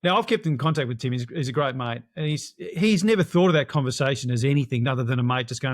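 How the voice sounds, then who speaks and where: A middle-aged man, a guest in an interview, telling his race story in a lively way and acting out quoted dialogue. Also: medium pitch, fast, few pauses, dry recording, studio quality. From Australia. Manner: animated, acts out quoted dialogue. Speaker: interview guest, adventure racer.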